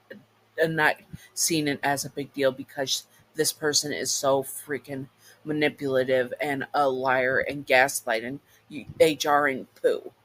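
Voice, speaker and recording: Bright-voiced man narrating a fan story. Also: fairly high pitch. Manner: casual, stops to correct slips aloud. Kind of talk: second-person fan audio story narration.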